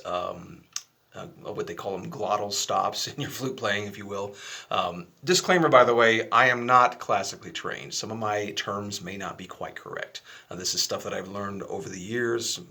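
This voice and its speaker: A man giving a casual, chatty flute lesson, relaxed and a little self-deprecating. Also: lowish voice, moderate pace, vocal fry. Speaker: flute teacher.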